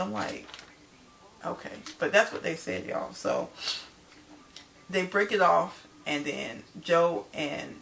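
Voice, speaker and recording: A woman's voice: on the low side, animated, slow pace, vocal fry, pauses often, a bit bright, a little hiss or hum. A woman casually recapping a TV episode to her viewers, chatty and loose, calling them y'all. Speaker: TV show recapper.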